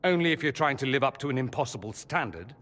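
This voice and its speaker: An actor playing a proud, sarcastic male mage confronting the father he is estranged from, with a husky voice and a cutting manner. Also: mid-range voice, lively intonation, quick pace, fairly bright tone, long reverb tail, lightly acted. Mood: bitter. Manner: sarcastic, cutting, rising to anger. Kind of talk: game character dialogue.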